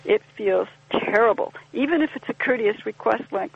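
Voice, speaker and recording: A woman's voice: fairly high pitch, normal speed, creaky, few pauses, slightly rough. A woman guest on a podcast, explaining ideas in a thoughtful, wry conversational way and acting out little quoted exchanges. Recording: dull lo-fi podcast audio.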